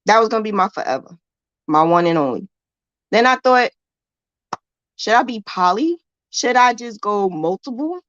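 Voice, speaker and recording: A woman's voice: mid-range voice, expressive, normal speed, pauses often, fairly bright tone, no room sound. Playful chatty woman, dull dry sound. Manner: playful and chatty, likens crochet hooks to romance. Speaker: crochet host. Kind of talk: casual livestream chat.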